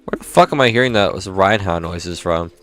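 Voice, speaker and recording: Young male gamer, low voice, profane let's-play chatter, game music faint behind. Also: fairly quick, a bit bright. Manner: swears a lot, grumbles at the game. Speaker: gaming YouTuber. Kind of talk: casual let's-play commentary.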